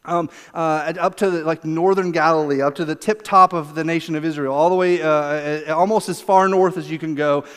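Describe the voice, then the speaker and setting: High-voiced pastor in a reverberant sanctuary. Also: male voice, brisk, few pauses, clean tone. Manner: conversational and animated, laughing often, acting out quotes. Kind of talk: sermon. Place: church sanctuary. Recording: long reverb of a church hall.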